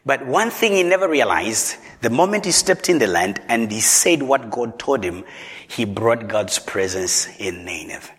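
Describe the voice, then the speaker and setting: A man's voice: mid-range voice, sing-song, normal speed, fairly bright tone. A man preaching a sermon in a church hall, quizzing the congregation with rhetorical questions. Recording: long reverb in a large hall.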